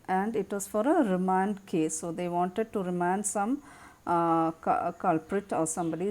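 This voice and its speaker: Mellow-voiced woman explaining a lesson. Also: lowish voice. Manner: reads a passage aloud, then explains it in simple words. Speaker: English teacher.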